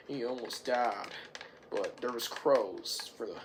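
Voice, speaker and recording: Slow, rambling young man recapping a movie. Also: mid-range voice, background noise. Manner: rambling, excitable, swears, clears throat often. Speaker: movie reviewer. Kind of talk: casual plot recap with put-on voices.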